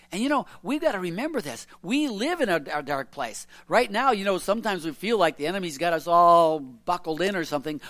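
A preacher giving an informal evening sermon, telling stories earnestly with soft chuckles and asking "isn't it?" and "you know" all the time. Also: medium pitch. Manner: chatty, many tag questions and "you know".

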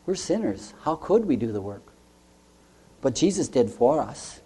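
A man preaching a sermon, earnest and full of rhetorical questions, reading scripture aloud and dropping softly on key points. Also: big pitch swings, a little slow, husky. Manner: earnest, rhetorical questions, frequent "you know"; drops to soft, low tones on key points.

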